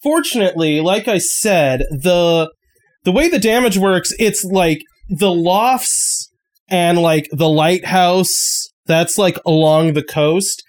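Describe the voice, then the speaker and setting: A man's voice: high voice, takes it slowly. Casual man narrating as game master. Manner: loose and casual, many likes and uhs. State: sick.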